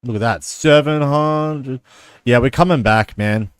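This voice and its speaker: A man's voice: on the low side, lively intonation, fairly quick, no room sound. A man streaming chess, chatting casually and telling a long profane story full of fillers. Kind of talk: casual stream chat while playing chess.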